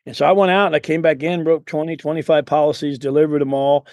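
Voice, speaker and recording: A man's voice: a little high, flat delivery, fast, darkish tone, dry recording. A middle-aged American man, a guest in an interview, telling long personal stories in an earnest, rambling way with many restarts. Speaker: guest, insurance sales coach. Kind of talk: storytelling in an interview.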